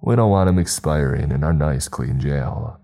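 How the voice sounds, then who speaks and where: A man's voice: a bass voice, normal speed, dark tone. A man playing a smarmy, lazy prison guard. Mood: patronizing. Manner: smarmy, patronizing.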